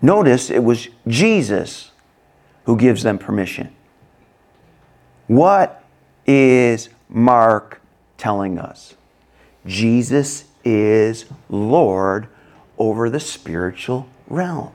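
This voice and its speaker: A man's voice: medium pitch, animated, very slow, pauses often, a little mellow. A man preaching a sermon, reading scripture aloud and explaining it, asking the congregation questions. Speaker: pastor.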